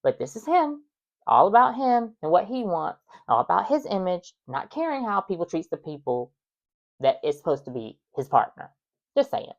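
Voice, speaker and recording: Low-voiced woman telling her story. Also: big pitch swings, normal speed, dull audio. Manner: chatty, many fillers, exasperated asides. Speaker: podcast host. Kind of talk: personal storytelling.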